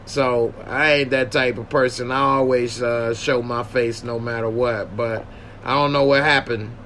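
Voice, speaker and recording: A man's voice: medium pitch, steady tone, measured pace, fairly bright tone, a little hiss or hum. A man hosting a casual livestream podcast, joking and slangy while thanking his viewers. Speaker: podcast host.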